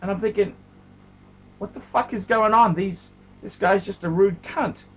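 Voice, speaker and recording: A man's voice: high voice, unhurried, fairly bright tone, slightly rough. A man, a watch collector, ranting casually to camera with heated, profane language.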